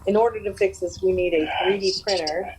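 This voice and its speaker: A woman co-hosting a comedy show, tossing in giggly, quick asides. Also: medium pitch, darkish tone, slight background noise, low-quality recording. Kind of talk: comic banter.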